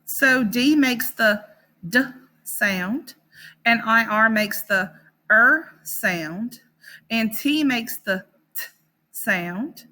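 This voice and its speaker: A woman teaches young children to read, stretching each word out and sounding it out piece by piece. Her voice is bright and sits a little high. She speaks at a very slow, patient pace. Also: lively intonation. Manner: sounds out words slowly and encouragingly.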